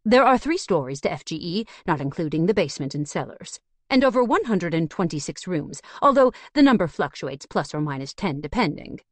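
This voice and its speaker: A woman's voice: lowish voice, sing-song, brisk, few pauses, no room sound. A woman reading a stuffy posh butler. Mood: formal. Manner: formal, clipped and proper. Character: stuffy posh male butler, formal and refined.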